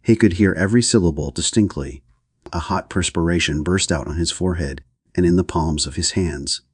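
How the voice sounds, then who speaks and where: Low raspy guy reading an old novel out loud, dry close sound, steady and even. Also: a little fast, no echo. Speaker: audiobook narrator. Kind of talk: audiobook reading.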